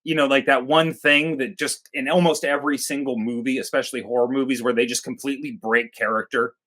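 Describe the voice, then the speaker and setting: A man's voice: mid-range voice, fairly even intonation, brisk, fairly bright tone. A man co-hosting a movie review show in casual chat, cracking crude, profane jokes. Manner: crude, joking, profane banter. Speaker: movie review podcast co-host.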